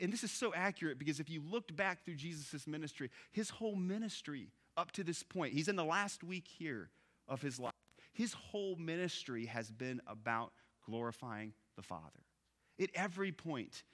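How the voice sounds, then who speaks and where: A man preaching a sermon, expressive, dropping soft on key phrases and rising when animated. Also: mid-range voice. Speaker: pastor.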